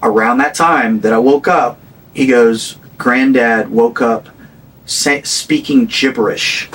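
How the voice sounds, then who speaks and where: A man in his thirties, a rock band frontman guest, telling a story in casual conversation, animated and swearing, acting out the voices he quotes. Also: mid-range voice, takes it slowly, recorded from a distance, a little hiss or hum, low-quality recording.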